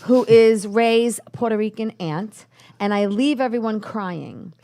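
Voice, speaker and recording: A woman's voice: fairly high pitch, unhurried, dark tone. Chatty woman guest telling stories. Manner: chatty, storytelling. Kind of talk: casual chat.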